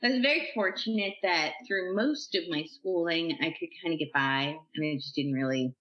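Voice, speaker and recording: A woman guest on a podcast, telling stories from her life in a chatty, animated way, acting out what people said. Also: on the low side, normal speed. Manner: chatty, animated, uses "like" a lot and acts out quotes. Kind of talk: casual storytelling interview. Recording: echoey room, slightly dull sound.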